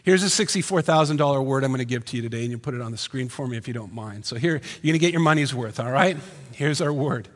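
A man preaching a sermon as pastor, animated and punchy, firing rhetorical questions at the congregation. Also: medium pitch, fast talker. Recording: long hall reverb.

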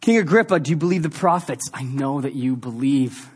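A man's voice: medium pitch, brisk, slightly rough. A male pastor preaching a sermon, emphatic and repetitive, then slipping into a confiding personal story. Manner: emphatic, repeats lines, shifts to confiding storytelling.

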